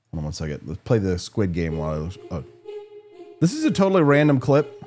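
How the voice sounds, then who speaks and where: A man's voice: low voice, sing-song, moderate pace, darkish tone. A man hosting a political talk show, delivering a sarcastic, jokey monologue. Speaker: radio show host.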